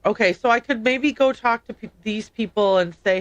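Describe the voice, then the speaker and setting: A woman's voice: on the high side, normal speed, few pauses, no room sound. A woman hosting a livestream, chatting casually and rambling as she plays a game, often stopping to correct herself. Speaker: livestream host playing a game. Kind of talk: casual gameplay commentary.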